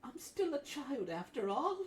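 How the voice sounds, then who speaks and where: A man doing a shy young woman, high and soft. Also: very animated, a little slow, roomy sound, slight background noise, exaggerated voice. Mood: apologetic. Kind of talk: comic reading with voiced characters.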